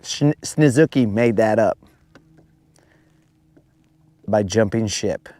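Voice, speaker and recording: Out on the lake in his boat, the host of a fishing livestream keeps up a loose, jokey chat, wandering off on goofy tangents and calling folks bro. His voice sits lowish with a dark tone, and he takes his time.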